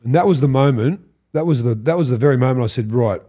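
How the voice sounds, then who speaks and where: An Australian man in his fifties, a podcast guest, telling animated stories, swearing freely and acting out what others said. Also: medium pitch, fast talker, breathy edge. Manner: animated, swears, acts out quoted lines. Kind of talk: storytelling interview.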